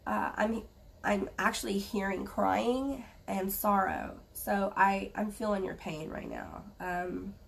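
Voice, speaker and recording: A woman giving a spoken tarot reading to viewers, earnest and halting, offering gentle reassurance. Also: medium pitch, sing-song, creaky, recorded from a distance, slight background noise. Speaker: tarot reader.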